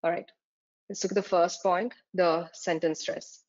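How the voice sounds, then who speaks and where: Woman, exam tutor, slide lecture, lowish voice, defines terms one by one, muffled lo-fi sound. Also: fairly even intonation, measured pace, a little mellow. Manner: explains terms step by step, with frequent fillers. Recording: dull lo-fi recording.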